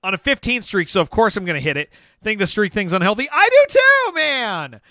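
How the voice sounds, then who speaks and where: A man streaming games and chatting casually with viewers, excitable and rambling, saying "man" and "dude" all the time. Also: high-pitched, a little fast, dry recording. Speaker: game streamer. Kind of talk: casual livestream chat with viewers.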